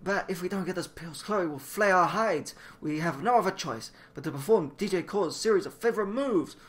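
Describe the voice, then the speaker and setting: A man's voice: high voice, brisk. Man reading a comic aloud. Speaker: comic reader. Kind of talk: casual comic readthrough with voices.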